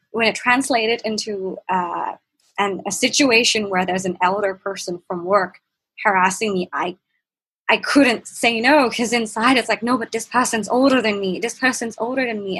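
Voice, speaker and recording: A young woman with a Thai accent and a soft, breathy voice of middle pitch. She speaks as a podcast guest, earnest and reflective, often pausing and searching for her words as she tells her story. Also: rough recording. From Thailand. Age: young adult. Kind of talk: personal storytelling in a conversation.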